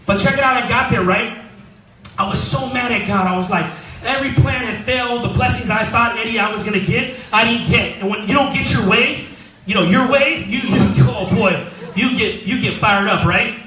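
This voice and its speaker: A man's voice: extremely high pitch, normal speed, sharp tone, slight background noise. A man in his thirties from California, a pastor telling his story in a casual, joking sermon. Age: 30s. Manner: casual storytelling, jokes with the congregation. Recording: roomy hall mic from a distance.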